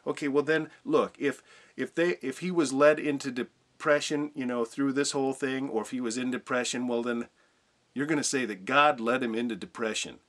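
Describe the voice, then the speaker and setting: A man's voice: mid-range voice, moderate pace, a bit bright. A man teaching informally on a Bible passage, reading scripture aloud and asking rhetorical questions.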